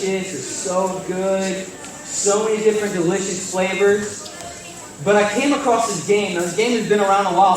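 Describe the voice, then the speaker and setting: A young man giving a sermon at a church, telling a story in an animated, joking way. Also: sits high. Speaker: youth speaker. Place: church sanctuary. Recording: very echoey hall, far from mic, faint noise.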